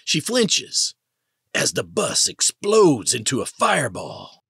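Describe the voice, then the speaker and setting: A man narrating an audiobook in a dramatic, expressive way. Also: medium pitch, slow, vocal fry, slightly rough, no echo, clean studio sound. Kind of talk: scripted narration.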